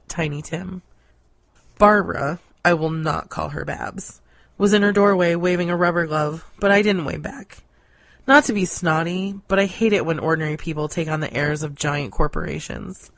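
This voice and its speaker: A woman narrating a short story in a deadpan, sardonic manner. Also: on the low side, no echo. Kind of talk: scripted story reading.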